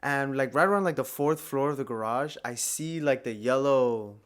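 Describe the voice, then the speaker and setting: A man's voice: medium pitch, normal speed, clean tone. A young man on a podcast telling a story in a casual, profane way, laughing often and filling his speech with "like". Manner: laid-back, profane, laughs through his story, lots of "like" fillers. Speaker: podcast co-host.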